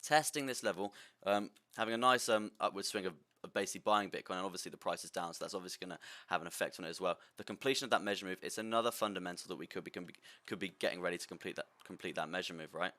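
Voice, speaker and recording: A young man on a live stream talking through price charts in a halting way, repeating words and often tagging on "right?". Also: sits low, sharp tone. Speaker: crypto streamer.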